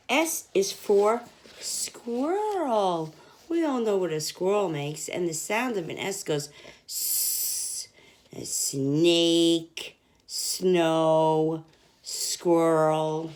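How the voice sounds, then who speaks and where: A young woman teaching children, reading an alphabet picture book aloud and sounding out each letter. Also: low-pitched. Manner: slow, sounding out letters, lively sing-song.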